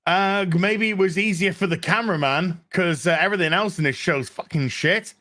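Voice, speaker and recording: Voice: medium pitch, normal speed, fairly bright tone. A show reviewer on a sarcastic, profane rant, exasperated and mocking. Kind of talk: ranting review.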